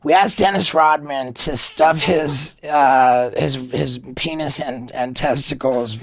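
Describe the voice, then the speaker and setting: A man's voice: on the high side, slow. A man chatting as a podcast guest, telling stories with frequent giggles and stammering restarts. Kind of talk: casual chat.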